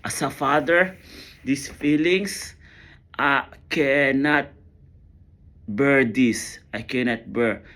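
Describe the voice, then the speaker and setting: Man, mid-pitched, slow halting delivery, earnest emotional monologue with repeated words. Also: fairly bright tone. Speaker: storyteller.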